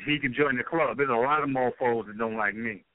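A man's voice: mid-range voice, a little fast, dry recording. A man from New York City with a New York accent, teasing and joking in a group chat. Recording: tinny phone line.

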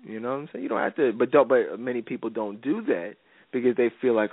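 A man's voice: mid-range voice, lively intonation, fast talker, dry recording. A man hosting a faith-based advice radio show. He talks in a casual, slangy, preachy way and keeps asking "you know what I'm saying". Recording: dry, tinny phone-like radio audio.

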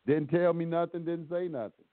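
A man's voice: fairly high pitch, fairly even intonation, moderate pace, no room sound. A man telling stories casually on a call-in show, acting out both sides of the dialogue. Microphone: phone call. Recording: tinny dry phone line.

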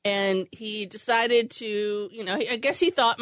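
A woman co-hosting a casual podcast chat, telling stories in an animated way and slipping into mimicry. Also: medium pitch, unhurried. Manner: animated storyteller who mimics voices. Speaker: podcast co-host.

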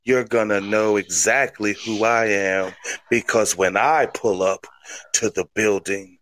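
A man's voice: on the low side, steady tone, measured pace, a bit bright, no echo, voice pushed down. A man playing a cocky, self-hyping wrestler, delivering an overblown mock-serious promo.

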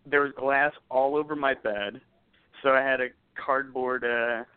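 A man's voice: mid-range voice, steady tone, measured pace, clear, resonant tone, dry recording. A young man co-hosting a podcast, casually telling stories about an ex with frequent laughs and profanity. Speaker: podcast co-host. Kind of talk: casual storytelling chat. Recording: tinny phone-like sound.

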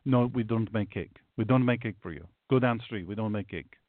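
A man voicing a gruff male bakery owner who talks in broken English and turns a customer away. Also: fairly low pitch, fairly quick, dry recording, voice pushed down, lightly acted. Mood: dismissive. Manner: broken English, curt refusals. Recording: tinny, dry phone-like sound.

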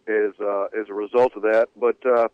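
A man's voice: fairly low pitch, little pitch movement, moderate pace, no room sound. A man co-hosting sports talk radio, telling a story in a loose conversational way. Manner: conversational, hedging with fillers. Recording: dry tinny phone-like radio audio.

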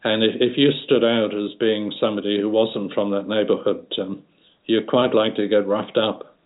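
An older man with a light Liverpool accent speaks in a low, unhurried voice, full of restarts and ums. He sounds like a guest being interviewed. The sound is tinny, like a phone line. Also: little pitch movement. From Liverpool, England. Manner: unhurried, many fillers and restarts. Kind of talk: casual interview reminiscence.

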